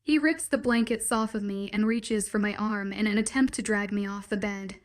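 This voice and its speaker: Woman softly narrating a romance story. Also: medium pitch, fairly even intonation, moderate pace. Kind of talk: first-person romance story reading.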